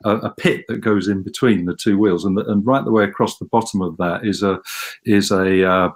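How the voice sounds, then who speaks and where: A man from England with a somewhat low voice talks casually over slides on a video call. He rambles, repeats words and pokes fun at himself as he goes. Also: moderate pace. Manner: rambling, repeats words, self-deprecating humor. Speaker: guest musician giving a slide talk.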